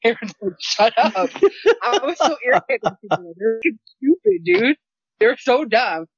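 A woman cohosting a casual chat, telling a story with animated, profane exasperation. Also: a little high, moderate pace, slight background noise. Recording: dry, slightly dull lo-fi sound.

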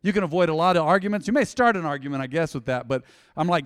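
High, lively preaching man in a hall. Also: fast, gravelly. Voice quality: lively, conversational preaching with sudden loud bursts and quiet drops. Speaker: pastor. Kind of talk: sermon.

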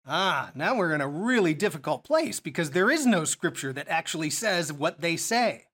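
A man's voice: a little high, very animated, normal speed, fairly bright tone. Man teaching a Bible study. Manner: explanatory, asks rhetorical questions.

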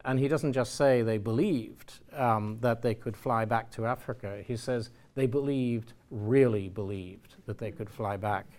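Measured Irish-accented male lecturer. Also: medium pitch, a little mellow. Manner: measured, reads quotations aloud, frequent "uh" and "um". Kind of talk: academic lecture.

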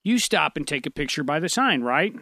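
A man's voice: fairly high pitch, big pitch swings, a little fast, bright, forceful tone, no room sound, clean studio sound. A man co-hosting a podcast, reading news aloud and joking, laughing and swearing often. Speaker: podcast co-host.

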